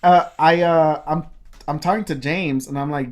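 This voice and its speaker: A man's voice: a little high, fairly even intonation, normal speed. A man co-hosting a casual podcast, telling a long story with many fillers, restarts and swear words. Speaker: podcast co-host.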